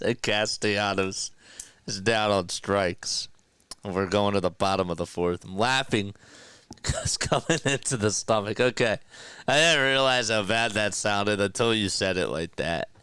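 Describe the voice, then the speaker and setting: A man calls a baseball game live for his stream, his voice low and smooth. He chats with his viewers between pitches, reading their comments aloud and joking around. The sound is dry and close. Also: pushed and bright, no echo. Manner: jokey, laughs at himself. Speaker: fan play-by-play streamer. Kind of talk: casual live play-by-play commentary.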